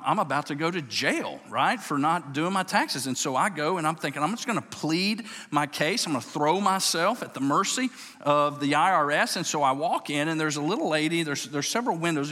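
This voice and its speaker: A man in his forties with a Louisiana accent, a pastor telling a story as a sermon in a folksy, animated way, growing low and quiet for tender moments. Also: a little fast. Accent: Southern US, Louisiana. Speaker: pastor, state police chaplain. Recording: long reverb of a large hall.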